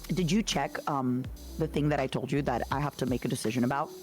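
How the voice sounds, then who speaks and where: A woman streamer in casual chat, relaxed and talking her thoughts through aloud. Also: rumbling low, fast talker, faint music behind.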